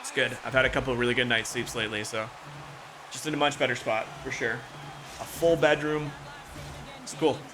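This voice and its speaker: A man's voice: mid-range voice, steady tone, fairly quick, long pauses, noisy background. A man from Toronto, Canada, streaming a hockey video game and calling the play-by-play with chatty asides. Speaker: gaming streamer.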